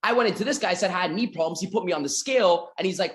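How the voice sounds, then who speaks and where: A Canadian sales coach delivers a motivational talk to an online audience, his voice high-pitched and racing with few pauses in a roomy-sounding space. He tells stories in an animated way, acts out little dialogues, and swears casually.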